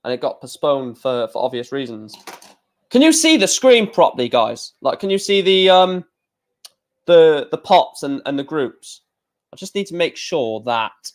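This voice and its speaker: A man hosting a casual live stream, talking in an excitable, rambling way with many restarts. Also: on the high side, measured pace.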